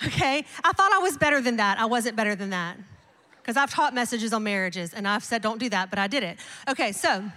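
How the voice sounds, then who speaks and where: A middle-aged woman pastor preaching a sermon, telling a personal story in an animated, emphatic way with repeated refrains. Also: on the high side, brisk. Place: large church auditorium. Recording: long hall reverb.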